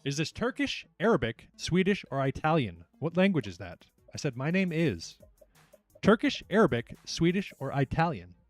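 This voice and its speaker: Young man, trivia night host, casual and talkative, laughs easily, very lively pitch. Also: normal speed, no room sound, soft background music. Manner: chatty, animated, reads questions aloud, laughs easily. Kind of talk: casual livestream quiz hosting.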